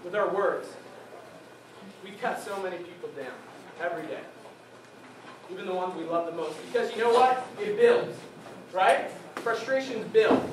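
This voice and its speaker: Youth speaker, male, from New Jersey, higher voice; acts out scenes, soft to shouting; distant mic, noisy room. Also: moderate pace, long pauses. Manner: animated, acts out quoted voices, swings from soft asides to shouts. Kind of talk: youth talk. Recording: echoey hall, distant mic, audience noise.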